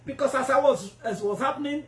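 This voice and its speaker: High-voiced woman preaching a testimony. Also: brisk. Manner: animated storytelling, acting out quoted voices. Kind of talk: testimony sermon. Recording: roomy echo.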